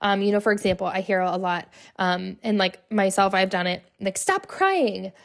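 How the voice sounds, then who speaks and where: A woman's voice: mid-range voice, level tone, a little fast. Chatty young woman hosting a podcast. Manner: chatty, lots of "right?" and "like" fillers. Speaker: podcast host. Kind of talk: casual solo podcast talk.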